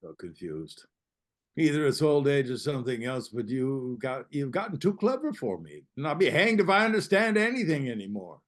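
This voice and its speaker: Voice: medium pitch, very animated, normal speed. An actor reading the part of an exasperated but good-natured older host who stumbles over his words when he tries to console a friend, in an amateur play reading. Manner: hesitant, stumbling, awkwardly consoling.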